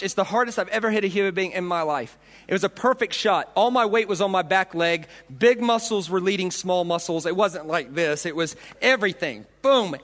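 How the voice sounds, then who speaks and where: A man's voice: sits high, a bit bright. A man preaching a storytelling sermon, dramatic, acting out voices and punches. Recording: long hall reverb.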